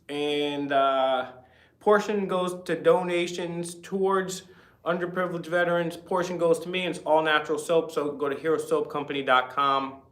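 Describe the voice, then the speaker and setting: A man's voice: a little high, fairly bright tone, echoey room. A man hosting a casual livestream chat, rambling and reading viewer comments aloud. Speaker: livestream host.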